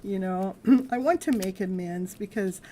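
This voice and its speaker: A woman's voice: mid-range voice, a little slow, background noise. A middle-aged woman hosting a casual live-stream tarot reading, chatting loosely with viewers and laughing often. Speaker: live tarot reader and host.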